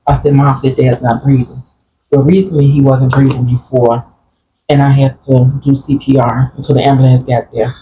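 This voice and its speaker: A woman's voice: rumbling low, level tone, moderate pace, warm tone, slight background noise, poor audio. A woman guest earnestly recounting a personal grief story in a plain-spoken group conversation. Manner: earnest, plain-spoken, quotes family members while recounting.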